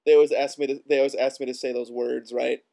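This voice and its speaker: A man with an Upper Midwest accent co-hosting a casual podcast, relaxed and quick to chuckle. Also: medium pitch, creaky. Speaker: podcast co-host.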